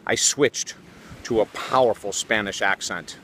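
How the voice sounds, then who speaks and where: A man's voice: on the low side, a little slow, pushed and bright, a little hiss or hum. A man playing a field reporter in a comic mock news report, with a dramatic, mock-serious delivery, speaking outdoors by the water.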